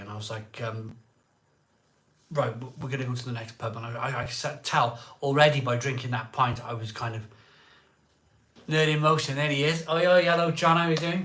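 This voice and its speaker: Bright-voiced chatty man, live stream. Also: medium pitch. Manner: rambling, chatty, repeats himself and acts out quotes. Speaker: host of a live beer-drinking stream. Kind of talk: casual storytelling on a live stream.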